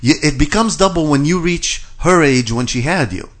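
A man's voice: a little high, expressive, moderate pace, fairly bright tone. A man hosting a casual radio talk show, teasing his guests and laughing often.

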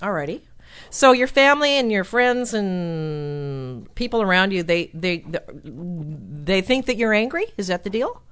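A woman's voice: medium pitch, measured pace, clear, resonant tone. Chatty woman hosting a call-in show. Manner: chatty and animated, laughs at own jokes. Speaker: radio call-in show host. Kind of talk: casual call-in advice talk.

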